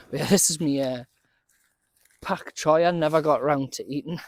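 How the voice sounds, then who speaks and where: A man's voice: fairly high pitch, normal speed, no room sound. A man giving a casual, chatty running commentary while he works on his allotment garden outdoors, often laughing and talking to himself.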